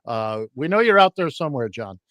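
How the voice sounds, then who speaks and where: A man hosting a casual radio talk show, rambling with a dry humor and plenty of halting fillers. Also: mid-range voice, big pitch swings, fairly bright tone, no room sound.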